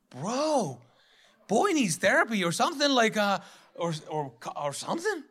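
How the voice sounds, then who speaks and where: Pastor guy preaching, slightly high voice, jokey and animated, does little voices for the people in the story. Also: normal speed, husky. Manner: animated, acts out voices of biblical figures; conversational, jokey, laughs at his own lines. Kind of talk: sermon.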